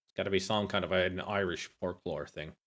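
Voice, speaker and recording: A man's voice: low voice, steady tone, a little fast, a bit bright. A man streaming a horror game, joking and chatting with his viewers in casual commentary. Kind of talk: casual let's-play commentary.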